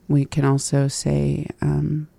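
A learner practicing new words in a relaxed lesson, repeating them carefully and laughing at their own slips. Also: mid-range voice, takes it slowly, gravelly. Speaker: language learner. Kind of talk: conversational language lesson.

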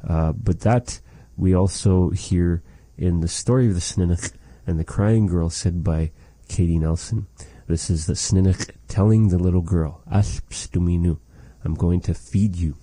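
Slow, dark-voiced male language teacher. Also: low voice, dry recording. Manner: repeats phrases slowly and explains them carefully. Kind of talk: slow, patient language lesson.

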